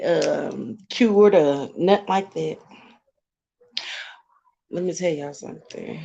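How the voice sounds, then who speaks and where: Woman, live stream host, gravelly, low voice, unhurried, chatty, greets viewers. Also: lively intonation, warm tone, dull audio. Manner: chatty, greets viewers by name, laughs often. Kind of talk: casual live-stream chat.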